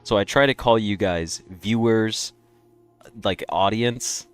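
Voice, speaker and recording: A man's voice: fairly low pitch, slow pace, clean tone, faint music behind. A tired young man streaming a game, chatting loosely with his viewers and yawning, rambling with many fillers. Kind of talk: casual live-stream chat with viewers.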